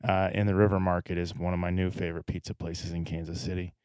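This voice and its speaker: A man hosting a casual podcast, relaxed and leading the segments. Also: sits low, quick pace, clear, resonant tone, no echo. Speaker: podcast host. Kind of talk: casual chat.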